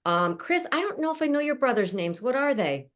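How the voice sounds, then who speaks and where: With a high, very animated voice and a fairly quick pace, a woman hosts an online panel from her home, her mother nearby. She introduces every guest effusively and chattily, laughing frequently.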